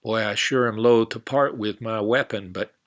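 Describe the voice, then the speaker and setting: A man's voice: normal speed, close to an everyday voice. A man voicing a gullible, hearty male cowboy in a folksy storybook manner, calling everyone partner. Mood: excited. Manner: loud, excitable, rising high.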